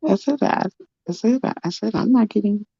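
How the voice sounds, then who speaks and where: Gravelly, dark-voiced chuckling co-host. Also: mid-range voice, moderate pace, no echo. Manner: chuckling, playful interjections. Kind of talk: casual chat. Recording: dull, dry lo-fi mic.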